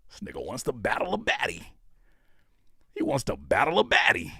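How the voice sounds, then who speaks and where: An American man giving live reactions to viewer music, joking and blunt, swinging between shouts and low mutters. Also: huge pitch swings, normal speed, gravelly, pauses often, breathy edge, no echo, studio quality. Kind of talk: animated live reaction commentary.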